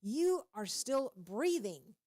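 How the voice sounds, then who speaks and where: Animated, preachy woman radio host. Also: fairly high pitch, slow pace. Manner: animated and preachy, often laughing. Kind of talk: casual faith-based radio talk.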